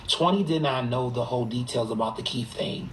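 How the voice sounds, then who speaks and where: A live streamer chats into a phone from a room at home, rattling off gossip in a quick, emphatic and profane way. The pitch sits in a middling range for the speaker. A faint hiss hangs behind the voice. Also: rough recording. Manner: rapid, emphatic and profane, hushed at times. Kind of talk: gossipy livestream chat.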